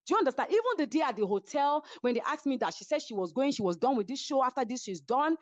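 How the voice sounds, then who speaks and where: Fast, lively Nigerian woman, high voice. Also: no echo. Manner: animated, acts out quoted voices, code-switching. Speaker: reality show cast member. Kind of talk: heated casual retelling. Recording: dull, dry lo-fi audio.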